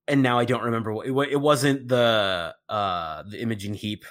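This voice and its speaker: Speaking at a moderate pace, this podcast co-host has a mid-range, fairly bright voice. The conversation is casual, and he wanders through it full of fillers and false starts.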